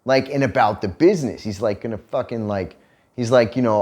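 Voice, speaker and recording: A man's voice: medium pitch, brisk. A man in his thirties, casually telling a story on a couple's vlog, swearing freely and laughing as he goes. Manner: profane, animated retelling with laughter. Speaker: vlog co-host.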